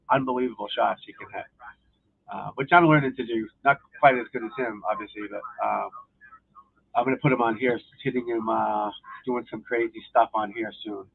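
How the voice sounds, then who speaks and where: A man's voice: medium pitch, vocal fry. A man hosting a golf instruction live stream, rambling casually and swearing as he flips through channels and talks to viewers. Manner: loose, profane, talking to viewers while flipping channels. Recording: tinny phone-like audio.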